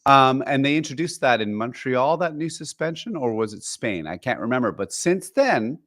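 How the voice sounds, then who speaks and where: A man's voice: medium pitch, sing-song, normal speed, fairly bright tone. A man co-hosting a podcast, explaining things in a rambling way with lots of fillers and restarts. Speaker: podcast co-host. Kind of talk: casual chat.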